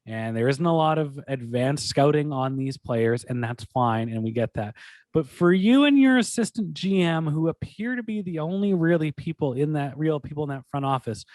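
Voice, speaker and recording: A man co-hosting a sports podcast, telling stories in a rambling, animated way full of restarts. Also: a little high, normal speed, no room sound. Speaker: podcast co-host. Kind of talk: casual sports talk.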